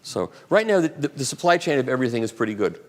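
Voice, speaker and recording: This man, an invited speaker in his sixties, talks fast in a medium-pitched voice with big swings in pitch. He gives a casual, rambling, anecdote-filled talk at a radio museum event, pokes fun at himself, and takes audience questions.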